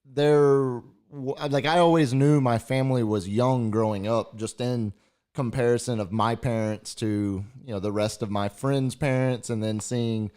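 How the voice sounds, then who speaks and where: A man's voice: medium pitch, fairly even intonation, a little slow, a little mellow, clean tone. A man co-hosting a podcast, talking in casual chat in a reflective, hesitant way with many fillers.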